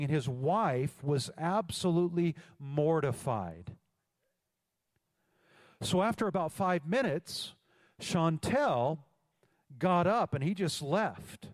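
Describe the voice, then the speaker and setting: A man preaching a sermon as pastor, telling a story and calling out to the congregation for responses. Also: on the high side. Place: large church hall. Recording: long hall reverb.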